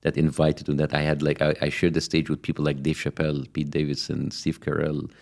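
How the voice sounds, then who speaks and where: A middle-aged man speaks in a low, deep register. He talks as an interview guest, emphatic and direct. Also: monotone, a little fast, gravelly. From Egypt. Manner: emphatic, forceful in argument. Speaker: comedian guest. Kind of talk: interview and debate.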